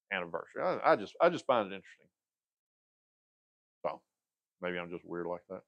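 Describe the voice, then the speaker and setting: The audio is dull and echo-free as a man in his fifties, with a fairly low, creaky voice, hosts a casual livestream chat. He wanders off track and keeps stalling with uhs and starting over.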